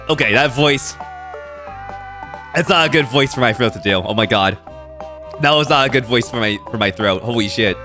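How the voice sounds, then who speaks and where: A man streaming a video game, giving animated, swear-heavy commentary with frequent reactions. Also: mid-range voice. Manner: animated, swears and laughs often. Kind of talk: casual let's-play commentary.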